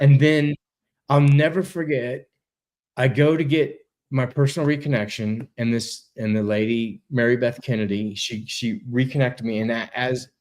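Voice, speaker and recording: A man telling a story as a guest, casual and laid-back, over a video call. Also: medium pitch. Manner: animated, laid-back, says dude a lot, swears. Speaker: interview guest.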